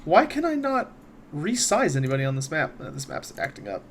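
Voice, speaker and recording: A man narrating a tabletop game as game master, relaxed, with frequent fillers. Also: on the high side, a little fast, a little hiss or hum.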